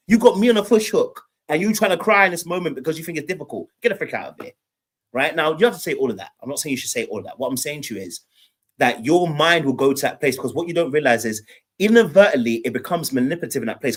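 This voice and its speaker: A man comments on a dating show as a podcast co-host. He talks in an animated way and mocks what people say in put-on voices. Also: on the high side, slightly rough.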